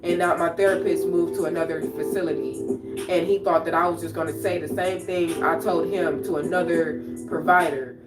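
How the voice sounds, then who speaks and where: Woman, livestream host, raw and confrontational, repeats herself, distant mic, clear music behind. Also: on the low side, fairly even intonation, moderate pace, echoey room. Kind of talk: emotional livestream monologue.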